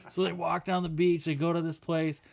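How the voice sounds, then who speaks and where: A man co-hosting a casual podcast, telling a story with lively acted-out quotes and laughing as he talks. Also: on the high side, fairly quick, gravelly, crowd noise. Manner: animated storyteller, acts out quotes, laughs while talking. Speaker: podcast co-host.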